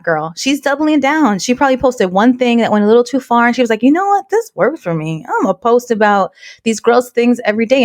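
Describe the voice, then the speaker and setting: A woman co-hosting a podcast, chatting casually and telling stories animatedly, with Spanish words dropped in. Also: a little high. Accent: Latina American English with Spanish words. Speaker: podcast co-host.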